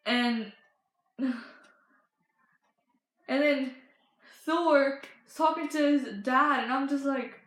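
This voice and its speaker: A teenage girl vlogging about movies she loves, telling stories in a gushing, excited way with lots of fillers and restarts. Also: high-pitched, very slow, long pauses, echoey room, poor audio. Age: teens. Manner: gushing, breathless storytelling with many fillers and restarts. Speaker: fan vlogger. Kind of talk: excited casual chat.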